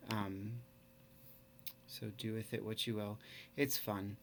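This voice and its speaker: A man teaching a recorded online lesson in a casual, halting way, full of fillers. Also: fairly low pitch, creaky, a little hiss or hum. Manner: relaxed, casual.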